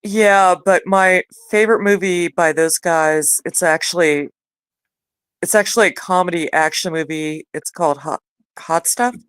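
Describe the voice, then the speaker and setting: A woman's voice: lowish voice, a little slow, clear, resonant tone, no echo. A woman in a casual group chat, talking hesitantly and trailing off mid-thought. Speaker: panel participant.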